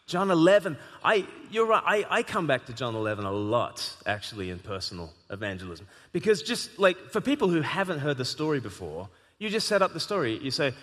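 A man hosting a live conversation on stage, telling stories with animated emphasis. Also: on the high side, moderate pace. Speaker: host. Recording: echoey hall.

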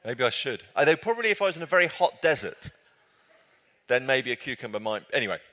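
A man's voice: medium pitch, big pitch swings, fast. Man, Bible study leader, easygoing and chatty, often restarting his sentences. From Britain. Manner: conversational, self-correcting, gently humorous. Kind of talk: group Bible study teaching.

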